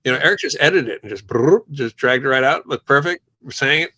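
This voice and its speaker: A man's voice: mid-range voice, a little fast. A middle-aged man, a guest musician in a casual interview, telling stories and acting out the voices of the people in them. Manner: lively storyteller who acts out quoted exchanges.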